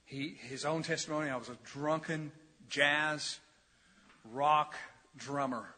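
Emphatic preacher in a reverberant hall. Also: male voice, on the high side, steady tone, takes it slowly. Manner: dramatic, swings between soft asides and loud emphatic peaks; conversational asides to the congregation. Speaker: pastor. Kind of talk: expository sermon. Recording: long reverb of a large church hall.

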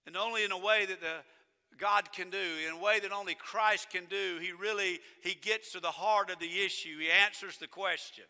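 A male pastor preaching a sermon, emphatic, repeating phrases and slowing right down to stress key words. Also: high voice, fairly even intonation, pushed and bright. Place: church sanctuary. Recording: long church reverb.

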